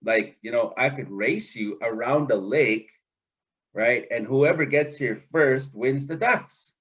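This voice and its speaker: A man's voice: medium pitch, slow, a bit bright, breathy edge, dull audio. A man voicing a sly male fox who pleads and wheedles, pretending to be hurt. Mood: wheedling.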